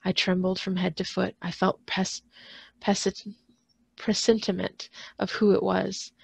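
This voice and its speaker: A woman librarian reading a classic novel aloud in a steady manner, occasionally restarting on hard words. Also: mid-range voice, unhurried, gravelly, breathy edge, no echo. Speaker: school librarian.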